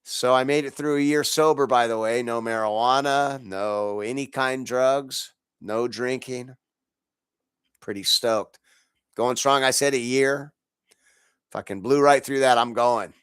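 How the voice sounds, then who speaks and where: Clear and resonant, this man's mid-range voice stays steady in tone and a little slow, with a fairly bright quality. Hosting a podcast while congested from allergies, he delivers an angry, profane, exasperated football rant punctuated by bursts of laughter, recorded in studio quality with no echo.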